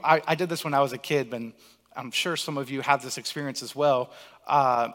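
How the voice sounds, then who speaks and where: A young man from Cape Cod preaching a sermon as pastor, telling lively stories and acting out the lines he quotes. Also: a little high. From Cape Cod, Massachusetts. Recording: long hall reverb.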